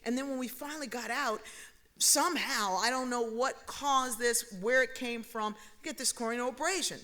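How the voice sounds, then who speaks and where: A middle-aged woman giving a speech to an audience, telling humorous personal stories in a lively way. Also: a little high, normal speed. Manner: humorous, lively, acts out dialogue in anecdotes. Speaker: speaker addressing an audience. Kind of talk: storytelling speech.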